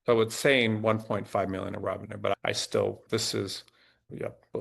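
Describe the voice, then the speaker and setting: A middle-aged man hosts a resume review webinar, with a low voice full of gravelly fry. He thinks aloud as he works on screen, breaking off and restarting his sentences. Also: level tone. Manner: halting, restarts while typing prompts on screen. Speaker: legal recruiter hosting a resume workshop.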